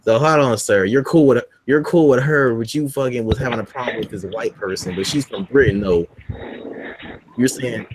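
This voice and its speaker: A man co-hosting a podcast in casual chat, loud and teasing, swearing often. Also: mid-range voice, moderate pace, noisy background. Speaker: podcast co-host.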